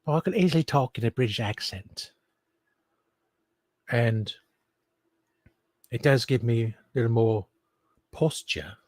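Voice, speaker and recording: A man's voice: medium pitch, lively intonation, measured pace, pauses often, dry recording. A man from the United States talking in a casual, rambling, self-deprecating way as a streamer, laughing between thoughts.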